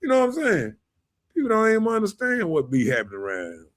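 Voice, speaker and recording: A man, hosting a podcast in casual opinion talk, animated, often asking "you know what I'm saying" and laughing. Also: high voice, fast talker. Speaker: podcast host.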